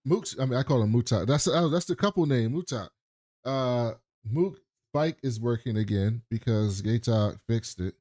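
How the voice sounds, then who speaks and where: A man co-hosting a podcast, recapping a TV episode in animated casual chat and acting out scenes. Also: medium pitch, moderate pace. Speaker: podcast co-host.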